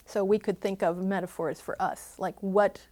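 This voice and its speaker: A woman's voice: medium pitch, fairly even intonation, normal speed, a little mellow. A woman meditation teacher giving a dharma talk and answering questions, thoughtful and hedging, laughing easily.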